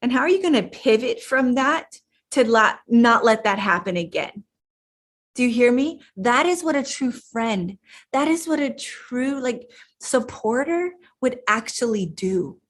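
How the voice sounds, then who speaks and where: A woman's voice: a little high, lively intonation, measured pace. A woman life coach giving a motivational talk, emphatic and repetitive, rallying her listeners.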